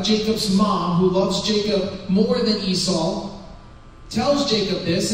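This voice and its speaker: A man with a fairly high voice gives a sermon and retells the story in relaxed, everyday words. He is heard from a distance in a church hall with long reverb and some faint background hiss. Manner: retells the story in a casual, conversational way. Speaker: preacher. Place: church sanctuary.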